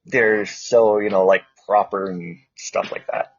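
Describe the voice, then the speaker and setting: A man's voice: fairly low pitch, steady tone, a little slow, slightly rough, no room sound, highs cut off. A Canadian man co-hosting a casual chat podcast, telling rambling stories full of fillers. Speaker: co-host.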